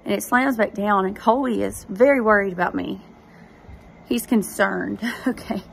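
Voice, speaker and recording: A woman's voice: medium pitch, moderate pace, creaky, a little hiss or hum. A woman, hosting a faith vlog and earnestly telling a personal testimony straight to her viewers. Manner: earnest, animated storytelling addressing viewers directly.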